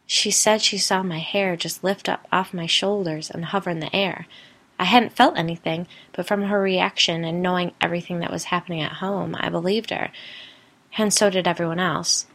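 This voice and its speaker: A haunted young woman read by a woman, gravelly low voice, matter-of-fact retelling. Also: steady tone, moderate pace, fairly bright tone. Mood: weary. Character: haunted young woman recalling her past.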